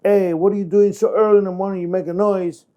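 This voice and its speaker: A man voicing an indignant neighbor who defends his dog, pitched above his own voice. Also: little pitch movement, fast talker, clear, resonant tone, highs cut off, close to an everyday voice.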